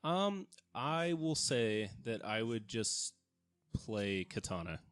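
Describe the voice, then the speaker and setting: A man's voice: takes it slowly, clean tone, no room sound, clean studio sound. A young man co-hosting a podcast, chatting casually about video games and laughing often. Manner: chatty, laughs often, jumps up in pitch when excited. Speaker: podcast co-host.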